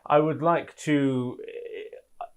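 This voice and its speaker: A man's voice: on the high side, steady tone, drawn-out words, clear, resonant tone. A man playing a tabletop game, talking playfully and laughing often. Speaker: player. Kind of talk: casual tabletop play.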